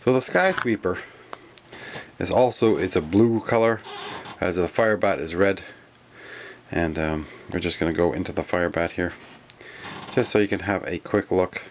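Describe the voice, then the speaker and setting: A man from Canada chatting casually in a toy collector vlog, rambling and grumbling, sometimes whispering names in a drawn-out way. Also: low voice, slight background noise. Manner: rambling and complaining, with stretched-out whispered echoes of names. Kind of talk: casual toy review chat.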